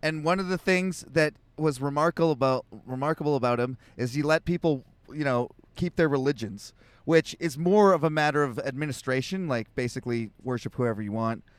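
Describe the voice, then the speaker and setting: A man's voice: mid-range voice, fairly quick, smooth, no room sound. A man co-hosting a casual comedic podcast, reading scripture aloud between loose tangents. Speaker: podcast co-host. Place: home podcast setup in Austin.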